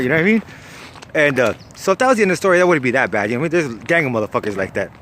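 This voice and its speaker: A man's voice: medium pitch, rapid-fire, a little hiss or hum. A young man, casually telling a wild story, slangy and profane. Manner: profane, slangy, lively, laughs at his own story.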